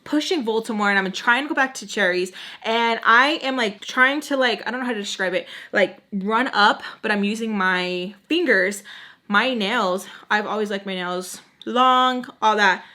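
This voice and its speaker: Young woman doing a storytime vlog, bright voice, lots of slang, acts out the lines. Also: mid-range voice, normal speed. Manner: animated, slangy, acts out quotes. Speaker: storytime vlogger. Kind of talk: casual storytime.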